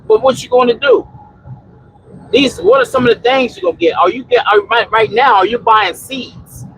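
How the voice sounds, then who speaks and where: A man's voice: very high-pitched, big pitch swings, moderate pace, fairly bright tone, a little hiss or hum, low-quality recording. A man hosting a casual trucker livestream from a truck cab, preaching about preparing and answering chat in a rambling, repetitive way on a phone mic. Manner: rambling with many restarts and "you know". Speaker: trucker and homesteading livestream host.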